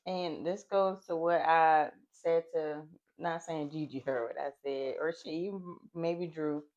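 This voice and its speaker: A woman co-host with a low voice in casual chat, earnest and emphatic about her kids. She drops swear words to press her point. The audio is a bit dull and lo-fi. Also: fairly even intonation, slow pace, darkish tone. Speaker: podcast co-host and mother.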